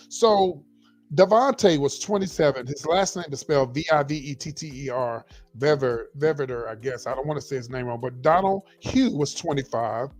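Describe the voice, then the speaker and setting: A middle-aged man hosting a casual livestream, chatting with viewers, repeating himself and calling them y'all. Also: fairly high pitch. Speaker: livestream host. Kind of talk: casual livestream chat reading viewer comments.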